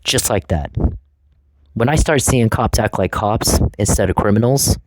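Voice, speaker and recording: Man, lowish register, for a furious confrontational vlog rant full of taunts. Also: a little slow, slight background noise, rough recording. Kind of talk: angry ranting monologue.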